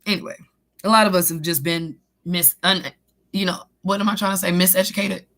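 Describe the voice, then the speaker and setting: Bright-voiced woman rambling on a live stream. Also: fairly low pitch, steady tone, brisk. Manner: rambling, profane, laughs often, trails off. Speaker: live stream host and tarot reader. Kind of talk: casual live stream chat reading comments.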